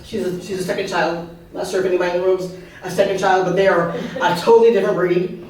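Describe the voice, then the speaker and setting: Fast and steady, her fairly low voice has a darkish tone, with slight noise in the background. A woman in her fifties and an author, she delivers humorous personal stories at an open mic in an art venue, full of chatty asides and questions to the crowd. She is heard from a distance in a very echoey room.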